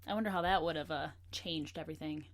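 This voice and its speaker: A woman guest on a podcast, chatting casually about a book. Her voice sits fairly low for a woman. She laughs often and breaks into quoted passages. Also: fairly even intonation, fast. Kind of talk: casual chat.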